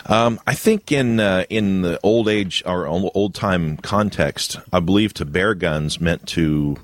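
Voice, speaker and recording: A man with a very low voice hosts a relaxed podcast chat, easygoing and a little halting, laughing often. The sound is dry, with no room echo at all. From Ohio. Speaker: podcast host. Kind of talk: casual podcast conversation.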